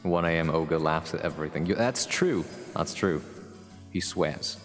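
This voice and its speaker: A male streamer chatting wryly to viewers in a put-on, deliberately bad British accent. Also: rumbling low, voice pushed down. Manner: wry, mock-posh, chatting to chat. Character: streamer doing an exaggerated mock British gentleman. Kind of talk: live stream chat to viewers. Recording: reverby room with background music.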